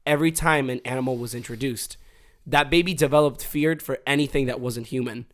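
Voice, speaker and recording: A man's voice: medium pitch, fairly quick, a bit bright. A man co-hosting a podcast, telling a story in loose, rambling casual chat. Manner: rambling storyteller, laughs often. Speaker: podcast co-host.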